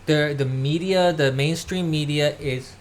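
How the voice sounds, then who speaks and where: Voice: mid-range voice, unhurried. Ranting solo podcast host. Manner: ranting, scoffing, mimics others mockingly. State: occasional coughing. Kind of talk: solo political commentary monologue. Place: at home, moving about tidying.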